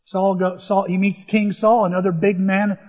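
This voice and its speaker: High-voiced preacher in a reverberant hall. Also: male voice, little pitch movement, moderate pace. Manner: storytelling, conversational, acts out scenes. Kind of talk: sermon. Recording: long hall reverb, dull lo-fi.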